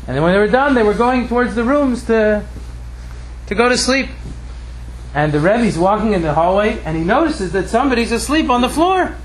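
Guy telling a story with a lesson, pretty high voice, acts out the characters, a bit of background hiss. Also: low-quality recording. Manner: animated, acts out the characters' lines.

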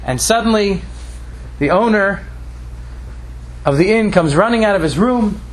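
A man telling a Jewish tale with a moral, acting out the characters' lines in an animated way. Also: high-pitched, a little slow, rough recording. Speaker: storyteller. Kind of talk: telling a Jewish story with a lesson.

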